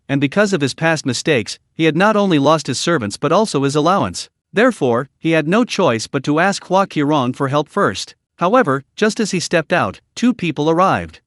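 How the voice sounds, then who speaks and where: A male storyteller narrates a fantasy recap in a fairly high voice with lively, rising and falling pitch. The recording is dry and close, with no room sound at all. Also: dry recording.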